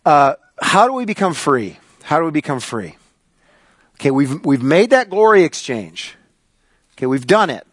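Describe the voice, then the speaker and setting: High-voiced, animated man preaching. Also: normal speed, no echo, studio quality. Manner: animated storyteller, gets loud and excited. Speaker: pastor. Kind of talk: sermon with a personal story.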